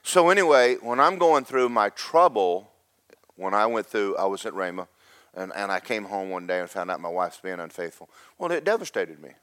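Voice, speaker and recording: Male preacher, low voice, dry close sound, swings from shouting to near whispers. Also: normal speed, no room sound. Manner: animated storytelling preacher, loud shouted bursts then hushed asides. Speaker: pastor. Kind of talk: sermon.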